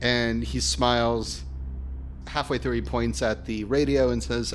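A man's voice: mid-range voice, steady tone, takes it slowly, a little hiss or hum. Casual man playing a tabletop game. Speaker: player.

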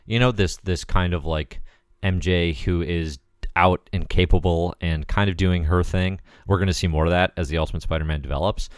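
Deep-voiced man recapping comics casually. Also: steady tone, moderate pace, hardly any pauses, clear, resonant tone, dry recording, clean studio sound. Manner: rambling, hesitant recaps with many fillers. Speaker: podcast co-host. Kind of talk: casual comic-book discussion.

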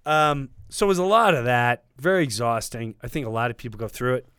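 Animated middle-aged comedian man, dry sound. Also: mid-range voice, a little fast, smooth, no echo. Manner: animated, breaks into loud mock quotes of others. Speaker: comedian guest. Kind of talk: storytelling in casual interview.

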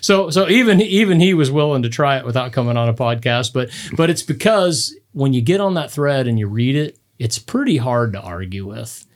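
A middle-aged man telling hunting stories on a podcast in casual chat, his voice jumping up high when he gets excited. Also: fairly quick, hardly any pauses. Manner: animated storyteller, voice jumps high when excited. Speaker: podcast guest.

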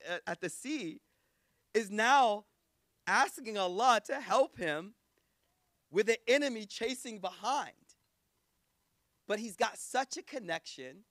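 A man's voice: high-pitched, a bit bright, no room sound, studio quality. A man preaching in a casual, conversational way, acting out quoted voices. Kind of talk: sermon.

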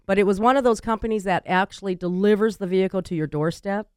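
A woman's voice: medium pitch, fast talker, smooth, dry recording, studio quality. A woman co-hosting a car talk radio show, cheerful and upbeat as she talks about garage work. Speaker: radio co-host and mechanic.

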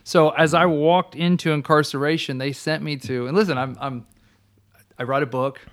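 A man with a fairly high voice speaks at a normal speed as he tells his personal testimony in a casual setting. He narrates with animation, frequently starting over and laughing throughout.

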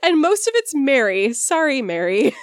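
A woman's voice: high voice, sing-song, normal speed, no echo, clean studio sound. A woman in her thirties hosting a podcast, wry and often laughing, reading the show outro with some apology. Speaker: podcast host. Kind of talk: casual chat and show outro.

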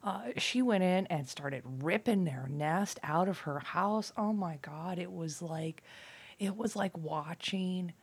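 A woman talking casually and at length, profane and rambling, dropping from loud bursts to near-whispers. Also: fairly low pitch, slow, husky. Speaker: vlogger.

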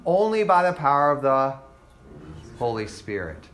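A man's voice: mid-range voice, big pitch swings, moderate pace, fairly bright tone. A man teaching a Bible class, quizzing his students with rhetorical questions and acting out quoted exchanges. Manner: acts out voices in quoted exchanges.

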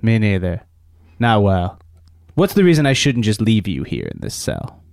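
A man's voice: fairly low pitch, huge pitch swings, moderate pace, gravelly, a little mellow, no room sound, clean studio sound. A man playing his character in a tabletop game, blunt and joking. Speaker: player.

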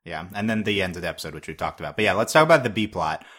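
A man's voice: low voice, expressive, rapid-fire, fairly bright tone. A man hosting a casual podcast chat, rambling with lots of fillers and small chuckles. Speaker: podcast host.

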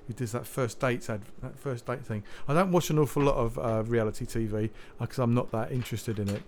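A man's voice: mid-range voice, fairly quick, a little mellow, a little hiss or hum. A man hosting a music podcast, chatting between tracks in a rambling, jokey way. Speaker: podcast host.

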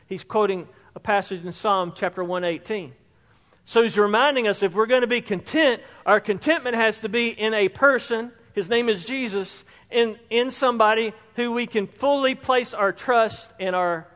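A pastor preaching a sermon, emphatic and fond of stacking repeated words for stress. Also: male voice, sits high, a bit bright, in a large hall.

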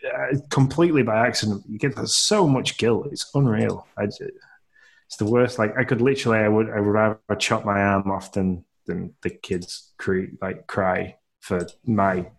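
Low-voiced dad rambling. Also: male voice, steady tone, normal speed, creaky. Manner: rambling, filler-heavy, self-deprecating. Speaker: podcast co-host. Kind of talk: casual chat, storytelling.

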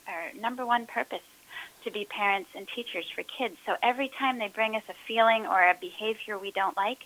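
A woman's voice: mid-range voice, pushed and bright, low-quality recording. A woman co-host chatting casually, upbeat and repeating phrases for emphasis. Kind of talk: casual chat.

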